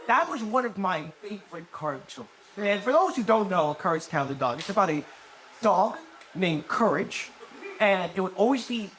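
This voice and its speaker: With a high, fairly bright voice, this twentysomething comedian rambles through a profane live set and cracks himself up along the way. The venue recording is noisy.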